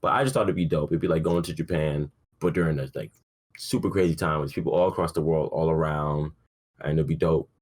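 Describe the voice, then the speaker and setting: Deep-voiced, laid-back young man. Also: fairly quick, a little mellow, breathy edge. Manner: rambling, profane, laid-back with frequent fillers. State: sleepy, yawning. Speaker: podcast host. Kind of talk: casual solo sports talk.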